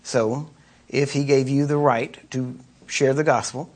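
A middle-aged man preaching an informal sermon. He talks to his listeners in a conversational way, asks "right?" again and again, and often clears his throat. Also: medium pitch, steady tone, a little slow, a little mellow. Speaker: preacher teaching on deliverance.

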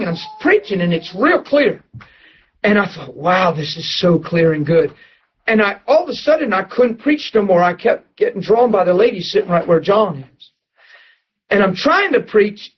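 A man preaching to a church audience, telling a story with lively laughter and excited outbursts. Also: high-pitched, lo-fi sound. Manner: animated, laughing, voice jumps up when excited. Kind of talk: storytelling sermon.

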